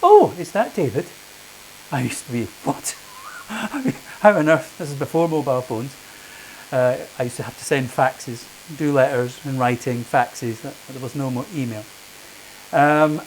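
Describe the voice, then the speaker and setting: A middle-aged man answers questions from a room full of people, talking in a loose, anecdotal way and often doubling back on his words. His voice sits at an ordinary pitch, with a faint hiss running beneath the recording. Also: rough recording. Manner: chatty, anecdotal, frequent restarts. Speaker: panel speaker. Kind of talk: public talk answering questions. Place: meeting room with audience.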